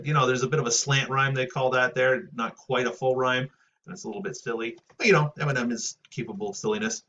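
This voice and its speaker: Male teacher, low-ish bright voice, rambling lecture with fillers, lo-fi distant mic. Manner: rambling, lots of fillers and restarts. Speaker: English teacher. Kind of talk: recorded lecture. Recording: dull, lo-fi, faint hiss, mic at a distance.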